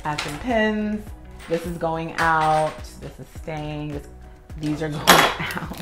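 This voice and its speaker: Young woman vlogging a storytime while organizing, low voice, animated, some faint music behind. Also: takes it slowly. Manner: animated storytelling, acts out her own past reactions. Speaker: professional organizer.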